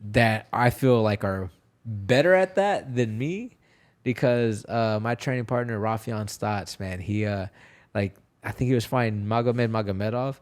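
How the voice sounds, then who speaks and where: A man from Texas, a fighter and podcast guest, chatting casually, swearing freely and laughing through his stories. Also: on the low side. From Houston, Texas. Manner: profane, laughing storyteller.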